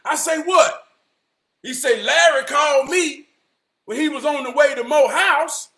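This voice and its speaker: A man telling a long casual story, animated, often shouting and slipping into the voices of his friends. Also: very high-pitched, a little slow, echoey room.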